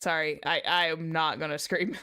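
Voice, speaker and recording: A woman's voice: deep voice, steady tone, moderate pace. A woman streaming a visual novel game, chatting between lines and laughing at her own attempts at voices. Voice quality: playful, laughs at herself, chatty asides. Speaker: VTuber streamer. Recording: streamed with loud game music behind.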